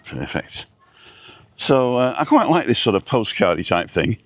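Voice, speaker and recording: A man's voice: mid-range voice, very animated, fairly quick, dry recording. A middle-aged man hosting a casual live stream outdoors. He rambles and reads out viewers' names with small asides. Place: outdoors with a view over hotels. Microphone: camera set down in front of him.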